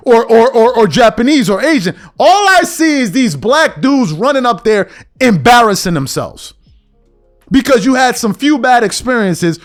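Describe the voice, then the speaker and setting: A man delivers a heated, blunt rant, his voice sitting very high and swinging up and down with feeling. He talks in slang, repeats himself for emphasis and sounds fed up. Faint music runs underneath. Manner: exasperated, blunt, slangy and repetitive. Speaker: commentary show host.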